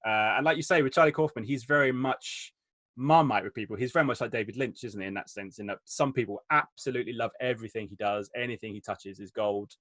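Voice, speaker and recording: A man, an enthusiastic film critic chatting casually through a review in quick rushes. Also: medium pitch, fairly bright tone, dry recording.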